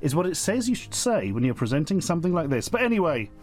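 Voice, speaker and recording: Man, offhand rambling presenter, self-mocking, slightly high voice. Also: sing-song, fast, a little mellow, faint music behind. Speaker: guest presenter.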